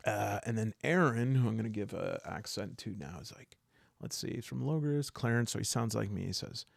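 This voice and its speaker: A man's voice: fairly low pitch, moderate pace, vocal fry, no echo, studio quality. A man playing a tabletop game solo, chatting casually and rambling with humorous asides.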